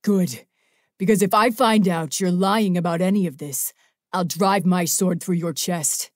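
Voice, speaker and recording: A bitter young winged warrior, harsh and clipped in every line, as a woman reader puts him on. The voice sits low and presses forward with force. The audiobook recording is dry and close. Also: steady tone, fairly quick, dark tone, no echo, close to an everyday voice. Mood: cold, accusing.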